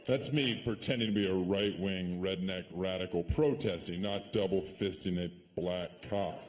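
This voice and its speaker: A man performing stand-up comedy on a club stage, with sardonic, deadpan delivery broken by sudden yelled punchlines. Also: low voice, moderate pace, big-room sound.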